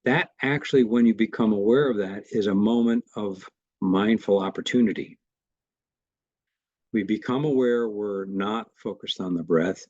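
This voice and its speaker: A man teaching a meditation class, guiding the breath practice in a gentle, reassuring way. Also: on the low side, normal speed, no echo, highs cut off. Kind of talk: guided meditation instruction.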